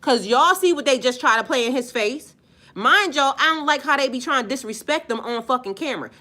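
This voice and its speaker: Heated, profane woman spiritual coach ranting to camera; bright, slightly high voice. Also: expressive, a little fast. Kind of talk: ranting vlog monologue.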